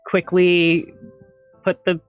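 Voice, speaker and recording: A player describing their move over a headset in an online game, halting and hesitant. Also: mid-range voice, completely flat delivery, clear, resonant tone, narrow, tinny audio, faint music behind. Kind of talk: tabletop game play. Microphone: headset on an online call.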